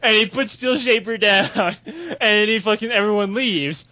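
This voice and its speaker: A man hosting a podcast, telling crude, excitable stories in casual talk and laughing as he goes. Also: sits high, a little slow, muffled recording. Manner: crude, excitable, laughs through his story. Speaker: podcast host. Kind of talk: casual comedic storytelling.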